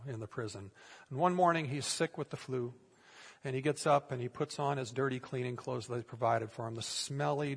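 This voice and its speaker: A male pastor preaching a sermon, telling a story and then easing into a soft, prayerful invitation. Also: medium pitch, vocal fry, husky. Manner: storytelling, growing soft and hushed toward a prayerful close. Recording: long reverb of a large hall.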